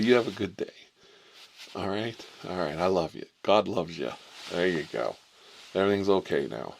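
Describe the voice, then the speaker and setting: A man from Ohio hosts a comic ASMR role-play in the part of an examining doctor. His voice sits low and gravelly, and he wanders from story to story in an irreverent, chatty way. A faint hiss runs under the recording. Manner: rambling, irreverent storyteller who digresses and laughs at his own jokes. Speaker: channel host playing an examining doctor. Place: indoors, smoking a cigarette.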